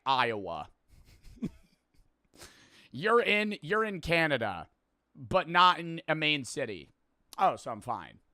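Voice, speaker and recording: Bright-voiced, profane male streamer. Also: fairly high pitch, clear, resonant tone, no room sound, studio quality. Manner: profane, rambling, jokey. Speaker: streamer reacting to a video. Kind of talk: casual reaction commentary.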